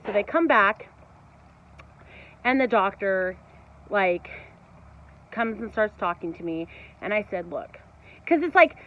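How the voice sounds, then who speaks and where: A woman, angrily recounting a personal story in a casual vlog, indignant and fiery, talking in quick bursts. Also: fairly high pitch. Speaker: channel host. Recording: dull lo-fi audio.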